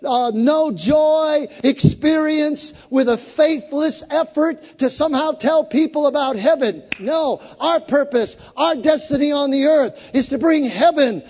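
Pastor, male, very high voice, fervent call-and-response sermon, long hall reverb. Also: a little slow, hardly any pauses, darkish tone.

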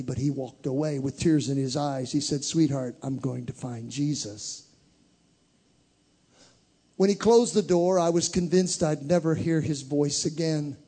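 Elderly grandmother, gentle, soft-spoken, storytelling, put on by a preacher, husky. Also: on the high side, normal speed. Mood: tender.

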